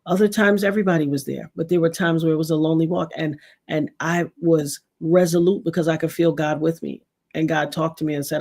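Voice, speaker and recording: A woman from New York with a New York accent, hosting a casual live stream, effusive and openly religious, giving shout-outs to guests. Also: low-pitched, fairly even intonation, a little fast. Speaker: livestream host.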